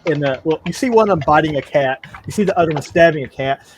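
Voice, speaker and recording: Male game master, slightly high voice, halting narration, quick to laugh. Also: slight background noise. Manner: halting, repeats words, laughs often. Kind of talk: narrating a tabletop game over voice chat.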